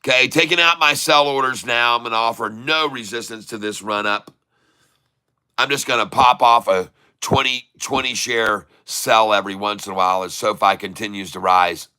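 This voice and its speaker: A man streaming his live day-trading, excitable, calling out prices over and over and taunting short sellers. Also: fairly low pitch, normal speed, clean tone. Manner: addresses viewers as folks, taunts short sellers.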